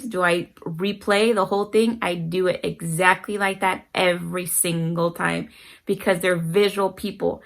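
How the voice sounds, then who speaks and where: Poorly recorded, a parenting vlogger who is a middle-aged mother speaks to camera in a gravelly, mid-range voice, casually sharing advice. As she tells stories, she earnestly performs her kids' voices.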